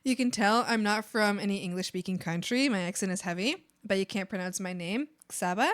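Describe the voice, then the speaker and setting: A woman's voice: medium pitch, fairly quick. A young woman streams live and chats casually while she draws. Her American accent sounds like a native English speaker's, though Spanish was her first language. She rambles, restarts her sentences and fills the gaps with "um" and "like.". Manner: rambling, many fillers and restarts. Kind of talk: casual chat while drawing.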